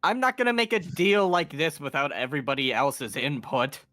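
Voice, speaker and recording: A man playing in a tabletop game, speaking hesitantly with halting starts. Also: on the high side, sharp tone, no room sound. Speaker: player.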